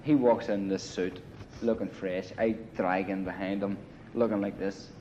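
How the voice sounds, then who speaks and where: A man's voice: low voice, steady tone, moderate pace, warm tone, slight background noise. An older Irish man, a former paramilitary, recounting his past in casual, blunt storytelling full of swearing and "you know". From Ireland. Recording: slightly muffled recording.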